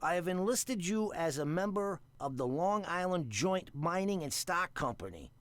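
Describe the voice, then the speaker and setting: Formal ticket agent, dry. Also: male voice, high voice, animated, dry recording. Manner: measured, formal.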